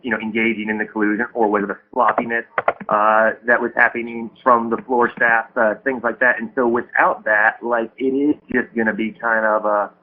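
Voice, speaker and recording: A man's voice: medium pitch, little pitch movement, moderate pace. A man talking as a guest on a poker panel, hesitant and filling his speech with "you know" and restarts. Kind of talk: casual panel talk. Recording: tinny phone line with faint hiss.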